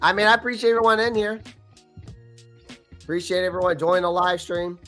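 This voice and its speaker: A man's voice: high voice, fairly even intonation, brisk, bright, forceful tone, faint music behind. A young man hosting a casual livestream, blunt and frustrated, laughing often, and losing his voice. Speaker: livestream host.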